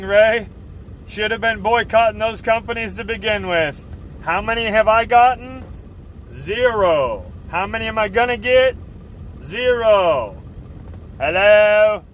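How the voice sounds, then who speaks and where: A man's voice: high-pitched, fairly bright tone, slight background noise. A man hosting a live stream, talking casually to his chat in assertive, fired-up rants. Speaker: livestream host.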